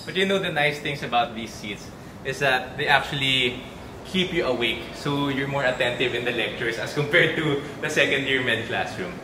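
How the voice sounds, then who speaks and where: A man's voice: mid-range voice, normal speed, background noise. A young Filipino man, a medical student, leading a casual tour of his school in English mixed with Tagalog, chatty and playful. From Philippines. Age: young adult. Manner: chatty and playful, with easy asides. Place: indoor school hall and labs. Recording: echoey room from a distance.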